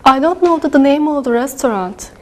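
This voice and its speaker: High-voiced woman student. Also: expressive, fairly quick. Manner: simple, helpful answers. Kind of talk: classroom practice dialogue.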